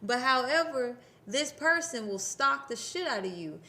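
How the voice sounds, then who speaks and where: A woman's voice: sits high, expressive, unhurried, bright, forceful tone. A woman in her thirties talking casually to her viewers, blunt and preachy, swearing freely. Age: 30s. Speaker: spiritual channel host. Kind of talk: casual spiritual talk to camera.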